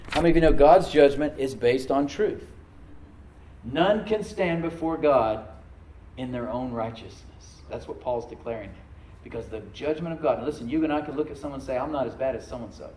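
A man preaching a sermon, swinging between loud, emphatic surges and quiet, confiding asides, and calling on the congregation to answer back. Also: mid-range voice, brisk, echoey room, distant mic, slight background noise, poor audio. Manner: calls for responses from the congregation. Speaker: pastor.

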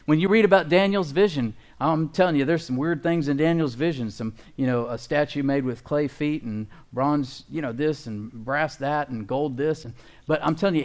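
A man as a fervent pastor mid-sermon, somewhat high voice, keeps calling for amens. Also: darkish tone. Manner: emphatic, calls out to the congregation.

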